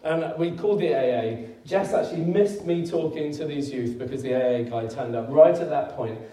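A preacher delivers a sermon in a relaxed, storytelling style, laughing often and building to emphatic peaks, his fairly high voice mellow and warm at a moderate pace. He's miked from a distance in a roomy church hall that echoes.

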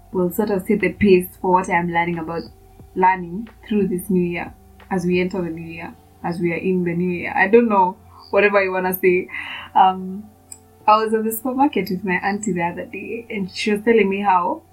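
Husky young woman chatting. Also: fairly low pitch, low-quality recording. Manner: chatty, rambling with many fillers. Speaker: podcast host. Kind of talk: casual devotional talk.

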